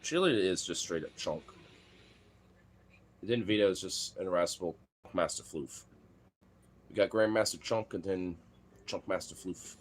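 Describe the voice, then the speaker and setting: A man's voice: low voice, moderate pace, long pauses, slight background noise. A man in casual chat, rambling in joking, slangy banter.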